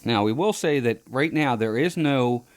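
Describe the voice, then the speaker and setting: A man's voice: mid-range voice, animated, moderate pace. A man co-hosting a theme park podcast in casual chat, rambling and restarting his phrases. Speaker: podcast co-host.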